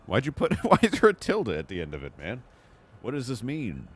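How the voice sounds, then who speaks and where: A man's voice: mid-range voice, wildly swooping pitch, a little fast, slightly rough. A man streaming a video game, joking and rambling through casual commentary and laughing at himself.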